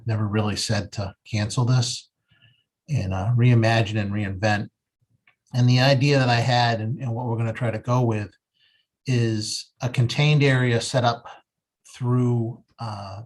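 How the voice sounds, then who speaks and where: Male fire chief, lower register, earnest and halting delivery at a public meeting. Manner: earnest, halting, with many 'um's and restarts.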